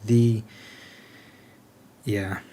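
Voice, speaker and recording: A man's voice: lowish voice, flat delivery, drawn-out words, warm tone, a little hiss or hum. A man leading a game alliance, chatting casually and thinking aloud with lots of fillers as he answers questions.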